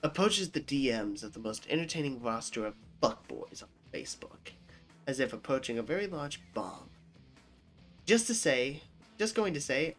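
A comedic narrator reading chat screenshots aloud, acting out both sides with wild pitch jumps and dry deadpan asides. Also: moderate pace, soft background music.

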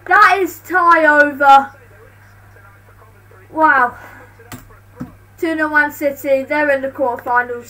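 A woman streaming live fan commentary on a football match, excitable, swinging between shouting and muttering. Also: high voice, slow pace, pauses often, distant mic, poor audio.

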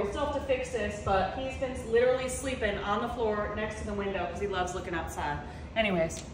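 Woman, high voice, chatty cooking host, roomy home kitchen, faint noise behind. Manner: chatty, talks to viewers, says y'all a lot. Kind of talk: casual cooking vlog chat.

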